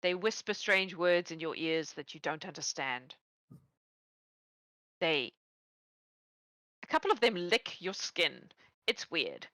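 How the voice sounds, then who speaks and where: Woman gm narrating a tabletop game, lowish voice, slow and playful. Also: no room sound, rough recording. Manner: relaxed, playful storytelling with laughs. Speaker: game master.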